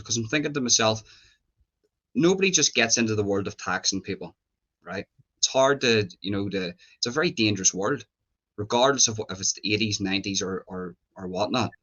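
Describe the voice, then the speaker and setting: A man interviewing his guest in a relaxed, chatty way. His voice sits somewhat low, and his questions wander and fill up with "you know" and "sort of" before he reaches the point. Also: lo-fi sound. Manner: chatty, searching questions, filler-heavy. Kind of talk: casual interview.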